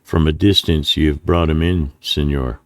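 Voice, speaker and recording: Covetous army colonel, polite coaxing manner, deep dry voice, as a man reads him. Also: normal speed, dry recording. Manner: courteous, flattering and wheedling. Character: smooth, greedy Mexican cavalry colonel, adult man.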